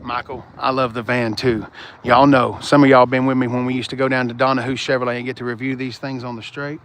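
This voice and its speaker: A man's voice: medium pitch, level tone, fast talker, a bit bright, slight background noise. A man chatting casually and profanely, reading viewer comments aloud while he walks a car lot. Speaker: car vlogger. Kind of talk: live-stream walkaround chat. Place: car dealership lot outdoors.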